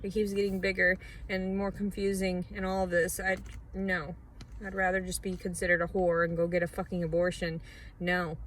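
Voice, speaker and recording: A woman recording a confessional video diary, venting raw distress with repeated phrases and swinging between low murmurs, whispers and sharp outbursts. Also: flat delivery, moderate pace, a little hiss or hum, low-quality recording. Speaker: vlogger.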